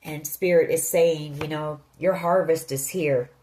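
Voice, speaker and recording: A woman's voice: sits low, steady tone, unhurried, mellow, poor audio. A woman giving a tarot reading, speaking earnestly and directly to the listener. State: emotional. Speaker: tarot reader.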